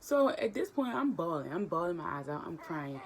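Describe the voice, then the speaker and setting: Young woman, low voice, casual storytime vlog, animated emotional retelling. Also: normal speed, slight background noise. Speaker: vlogger telling a story.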